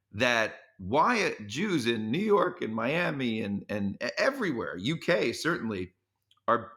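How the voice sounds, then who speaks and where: A man who is a comedian, telling stories as a podcast guest in an animated way, with quick restarts and repeated words. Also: mid-range voice. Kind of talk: podcast interview storytelling.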